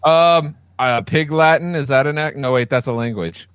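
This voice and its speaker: A man's voice: on the high side, moderate pace, fairly bright tone, clean tone, dry recording, clean studio sound. A man co-hosting a casual podcast, flustered and giggly, often losing his words. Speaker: podcast co-host.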